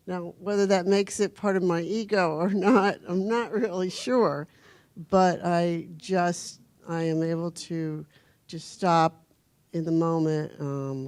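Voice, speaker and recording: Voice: medium pitch, a little mellow, no room sound. An attendee sharing thoughtfully at a recovery workshop, searching for words into a passed handheld mic. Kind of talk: personal sharing at a recovery meeting.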